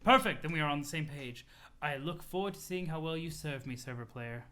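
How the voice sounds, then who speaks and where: A man's voice: fairly high pitch, lively intonation, fairly quick, pushed and bright. A man voicing a snobbish, strong young male troll aristocrat who speaks formally and gets easily flustered. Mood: haughty.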